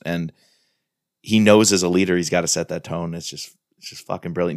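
A man's voice: deep voice, steady tone, brisk, no echo, clean studio sound. A man co-hosting a podcast, chatting enthusiastically about a thriller novel and reading quotes aloud. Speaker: podcast co-host. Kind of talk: casual book review chat.

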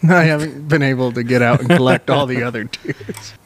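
A man's voice: mid-range voice, a little fast. A man co-hosting a podcast in casual crude banter, laughing often and swearing freely. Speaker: podcast co-host.

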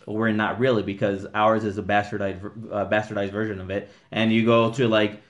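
A man's voice: fairly low pitch, flat delivery, fairly quick. A young man from the Los Angeles area chats on his own podcast in a loose, rambling way. He swears freely and takes his time working through an explanation. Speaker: podcast host. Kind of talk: casual podcast chat.

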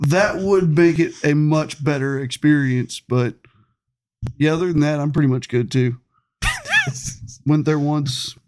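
A man's voice: fairly high pitch, unhurried, pauses often, darkish tone. A man in his thirties, a podcast guest, making dry, wry remarks in casual chat.

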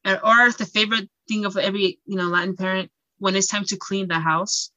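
A young woman from Equatorial Guinea, a pageant titleholder and singer, chatting in an interview with frequent laughter and animated storytelling. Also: mid-range voice, a little fast, no echo, muffled recording. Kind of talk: casual interview chat.

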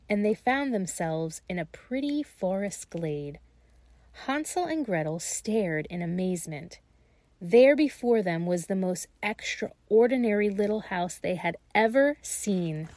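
A woman reading a fairy tale aloud in a slow, gentle and expressive way. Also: medium pitch, no echo. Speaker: storyteller.

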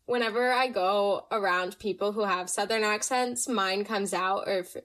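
A woman's voice: medium pitch, sing-song, normal speed, few pauses, fairly bright tone. A woman hosting a storytime podcast, chatting casually and dramatically, laughing often. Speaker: podcast host.

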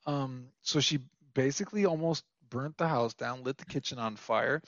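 A man's voice: medium pitch, moderate pace, a bit bright, dry recording, dull audio. A young man from Minnesota, a podcast guest, telling a story casually with lots of fillers and laughs.

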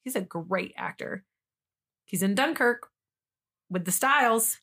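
A woman's voice: medium pitch, expressive, slow, fairly bright tone. A young woman co-hosting a casual true-crime podcast, telling the story in a chatty way and acting out what people said. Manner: chatty storyteller, acts out quotes, lots of "like". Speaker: podcast co-host.

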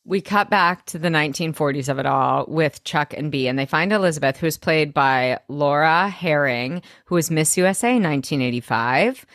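A woman co-host retells a TV episode in a loose, chatty way, laughing and cursing as she acts out the lines. Her voice sits on the low side, and the recording is dry and close. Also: normal speed, hardly any pauses, no room sound. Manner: lively, swears, laughs, acts out quotes. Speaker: podcast co-host. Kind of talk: casual episode recap chat.

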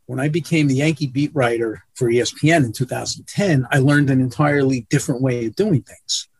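A man's voice: mid-range voice, a little fast, darkish tone, husky, dry recording. A man telling blunt, profane stories as a guest in an interview over a video call. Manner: blunt, profane, self-deprecating. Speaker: guest, sportswriter. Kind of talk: casual interview storytelling.

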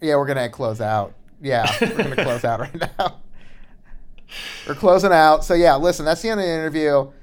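A man's voice: a little high, normal speed, clean tone. A man co-hosting a podcast, chatting casually with playful, rambling asides. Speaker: podcast co-host. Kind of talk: casual chat.

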